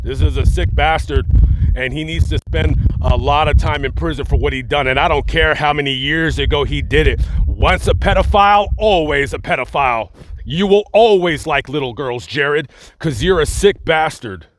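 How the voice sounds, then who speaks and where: A man hosting a heated commentary video, blunt and emphatic, speaking angrily with halting restarts. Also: fairly high pitch, a little hiss or hum. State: angry and upset. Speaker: YouTube commentary host. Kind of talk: heated direct-to-camera commentary.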